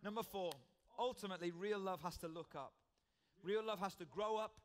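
A British man delivers a church sermon in a fairly high-pitched voice. He talks in an earnest, conversational way, circling back to repeat his key phrases. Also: fairly quick. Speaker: preacher.

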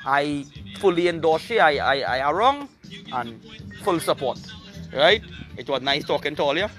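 A man's voice: on the high side, animated, moderate pace, a bit bright, faint music behind. Preachy man. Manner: preachy, rambling, emphatic. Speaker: show host. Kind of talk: rambling opinion monologue.

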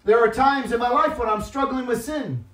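A man preaching a sermon as a guest speaker in church, moving between soft, tearful-toned confession and loud, emphatic exhortation. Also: extremely high pitch, normal speed. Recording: echoey church hall, distant mic.

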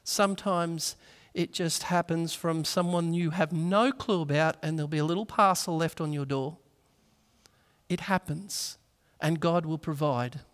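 Pastor, man, high bright tone, earnest sermon in a reverberant church hall. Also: fairly even intonation, unhurried. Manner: earnest storytelling, acts out voices in anecdotes.

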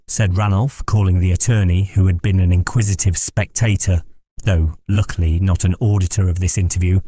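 Male narrator, low, husky voice, dry close sound, measured reading. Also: dark tone, no echo. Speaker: audiobook narrator. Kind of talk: scripted narration.

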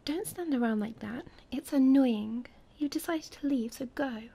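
A proud, delicate flower speaks in a breathy whisper, as a woman voices her in a whispered role-play. The voice sits high and sounds mellow and hushed. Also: measured pace, full character voice. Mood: curt. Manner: soft, gently whispered.

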